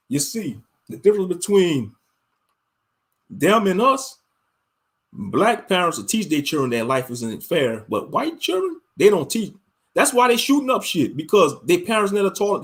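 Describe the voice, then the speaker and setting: Animated ranting man with a higher voice. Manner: emphatic and animated, heavy slang, frequent restarts, swings from loud to muttered. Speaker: online commentator. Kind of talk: casual rambling rant.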